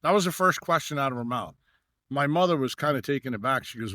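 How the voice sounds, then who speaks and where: A man's voice: mid-range voice, lively intonation, fast talker, pushed and bright, no echo, clean studio sound. A middle-aged man from New York, a podcast guest telling long anecdotes with many fillers and acted-out dialogue. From New York, USA. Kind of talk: storytelling in a podcast interview.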